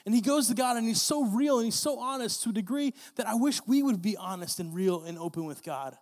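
A man's voice: high-pitched, expressive, fairly quick, in a large hall. A young man preaching a sermon, earnest and repetitive, often restarting his phrases. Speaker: pastor.

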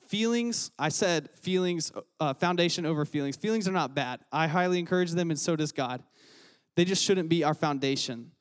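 A young man giving a casual, story-filled sermon as a youth pastor. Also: a little high. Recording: long hall reverb.

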